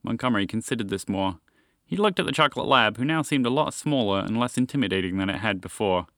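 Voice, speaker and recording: A man hosting a story podcast, reading scripted storytelling narration in a friendly, expressive way. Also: on the low side, fast, dry recording, clean studio sound.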